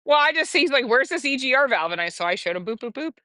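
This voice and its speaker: A woman hosting a casual livestream, telling a story in a chatty, animated way with laughs. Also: sits high, fast talker, dry recording. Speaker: livestream host.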